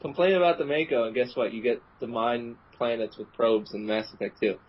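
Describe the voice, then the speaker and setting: A man co-hosting a casual gaming podcast with a husky voice, wry and laughing along. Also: medium pitch, steady tone, brisk, muffled recording.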